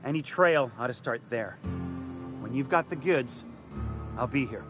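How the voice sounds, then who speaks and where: A man voicing a fast-talking male con man in a video game, who uses folksy slang and stammers when he is caught out. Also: mid-range voice, lively intonation, lightly acted. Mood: scheming. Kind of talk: video game character dialogue. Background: faint game music.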